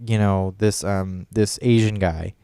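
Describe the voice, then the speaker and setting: A man's voice: on the low side, fairly even intonation, unhurried, mellow, clear, resonant tone, no room sound, studio quality. A man telling a story in casual chat as a podcast co-host, rambling and profane, full of fillers and restarts.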